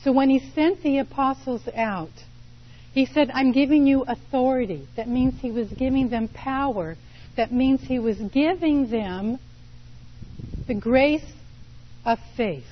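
Slow, deliberate woman preaching. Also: high-pitched, muffled recording. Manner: slow, deliberate storytelling with pauses. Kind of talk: sermon.

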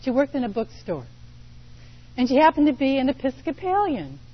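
A woman preaching a sermon, telling stories slowly and deliberately with pauses. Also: high voice, very animated, lo-fi sound. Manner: slow, deliberate storytelling with pauses.

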